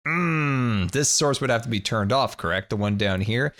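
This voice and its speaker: Excitable man narrating his gameplay. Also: normal speed. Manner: chatty, thinks aloud, jumps high and squeals when panicking. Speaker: Minecraft let's play host. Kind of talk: casual gameplay commentary.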